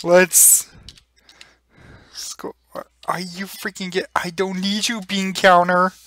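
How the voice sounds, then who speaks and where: A young gamer giving casual, excitable gameplay commentary, exclaiming and laughing often. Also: medium pitch, slow pace.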